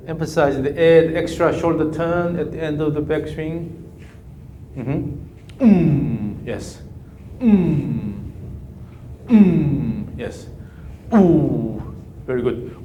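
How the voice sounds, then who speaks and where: Slow, mellow-voiced male golf coach. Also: on the high side, slight background noise. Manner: calm, repetitive cueing with humming counts. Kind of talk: live coaching session. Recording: echoey room with faint ambience.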